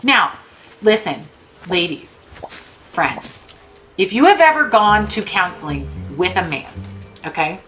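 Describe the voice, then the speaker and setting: A woman's voice: on the low side, takes it slowly, long pauses, low-quality recording. A young woman streamer telling an exasperated story while she plays a game, now and then swearing. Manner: animated, exasperated venting with swearing. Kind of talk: casual storytelling while gaming. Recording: faint game music behind.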